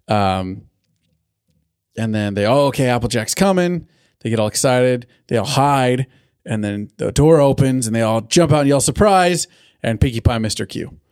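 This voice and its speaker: A man co-hosting a podcast in casual chat, rambling and swearing as he recaps a cartoon episode and acts out lines in quick bits. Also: medium pitch, darkish tone, no room sound, clean studio sound. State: has the hiccups. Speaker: podcast co-host.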